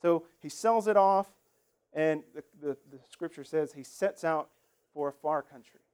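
A man's voice: fairly high pitch, measured pace, a little mellow, clean tone. A man preaching a sermon in a conversational, emphatic way, acting out the lines he quotes. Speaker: pastor.

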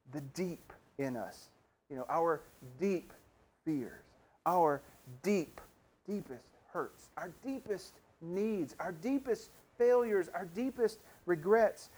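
A preacher delivers a sermon with emphatic, repetitive phrasing. The voice sits in a middle pitch range and moves between forceful outbursts and quiet, hushed lines. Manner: emphatic, repeats phrases for build-up, swings between loud and hushed.

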